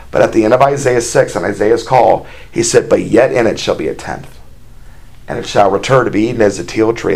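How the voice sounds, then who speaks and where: A man preaching a sermon in a folksy, conversational way, with plain asides and imagined dialogue. He reads scripture aloud in a raised, more animated voice. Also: lowish voice, vocal fry.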